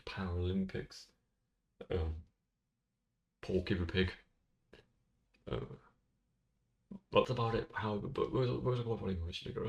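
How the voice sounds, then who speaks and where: A man's voice: sits low, vocal fry, dull audio. A young man talking in a rambling, jokey way and swearing casually, as he records a casual commentary into a microphone in his bedroom. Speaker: tier-list video host. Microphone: desk microphone.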